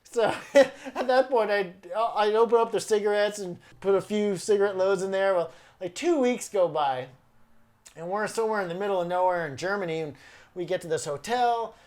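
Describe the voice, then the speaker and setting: A man's voice: high voice, a little fast. A middle-aged man, a former touring punk musician, telling a funny tour anecdote with lots of laughter and acted-out quotes. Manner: animated, laughing, acts out quotes. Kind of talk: storytelling anecdote.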